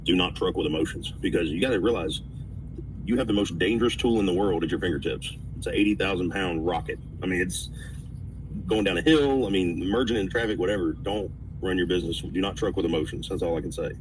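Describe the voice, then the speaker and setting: Deep-voiced male trucker host, fast and emphatic, off-mic on a noisy line. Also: far from the mic. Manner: preachy advice to drivers, emphatic. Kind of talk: casual podcast chat.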